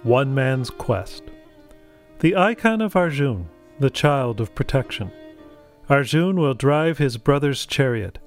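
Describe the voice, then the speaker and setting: Slow, deliberate man announcing a chapter. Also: mid-range voice, expressive. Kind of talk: slow scripted reading. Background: soft guitar music.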